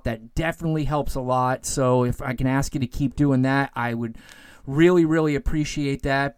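A man hosting his own podcast, ranting in a casual, animated way about politics and calming down for his sign-off. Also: mid-range voice, smooth, no echo. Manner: animated, ranting, gets worked up then calms. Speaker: podcast host. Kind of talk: solo political commentary podcast.

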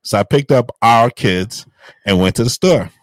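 A man's voice: medium pitch, moderate pace, no room sound. A middle-aged man co-hosting a podcast, telling a long story in casual chat, with loose restarts and voices for the people in it. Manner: rambling, restarts and retells scenes with voices. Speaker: podcast co-host.

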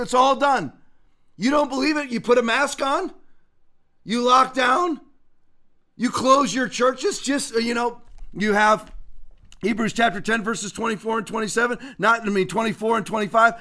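A man with a high, bright, forceful voice hosts a commentary show. He rants and preaches in an emphatic way, quoting scripture as he goes. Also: normal speed. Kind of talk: political commentary with scripture quotes.

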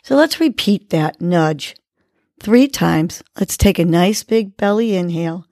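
A woman's voice: lowish voice, animated, a little slow, a little mellow, no echo. A woman hosting a podcast, guiding listeners through a breathing exercise and giving motivational encouragement step by step. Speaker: podcast host. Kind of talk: guided breathing and motivational talk.

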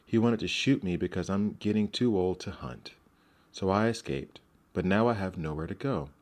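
Man reading as a weary old dog, low voice, dejected storybook delivery. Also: moderate pace, a little mellow, close to an everyday voice. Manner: tired, downcast. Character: old male hunting dog, weary runaway.

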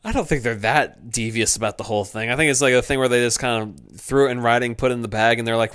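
A man's voice: mid-range voice, fast, hardly any pauses, fairly bright tone, clean tone, no room sound, studio quality. A young man co-hosting a podcast, chatting casually and joking with frequent laughs. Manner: joking, laughs often, tries goofy voices. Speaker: podcast co-host. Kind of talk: casual chat.

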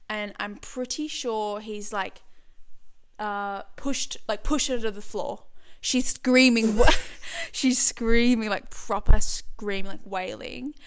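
A woman's voice: medium pitch, a little slow, clear, resonant tone. Young woman telling a wild story. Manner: animated storyteller, swears freely. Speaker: podcast guest. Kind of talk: casual chat.

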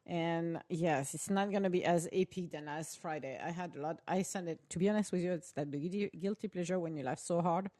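A woman hosts a relaxed, rambling chat while she eats. Her voice sits low, and she laughs easily as she drifts from one thought to the next. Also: fairly quick, hardly any pauses. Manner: chatty, rambling, laughs often. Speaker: podcast host. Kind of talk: casual chat while eating.

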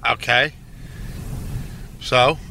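A man's voice: medium pitch, steady tone, very slow, vocal fry, sharp tone, a little hiss or hum. A hungover man chatting boisterously as a podcast guest, laughing through his stories. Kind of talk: casual podcast chat.

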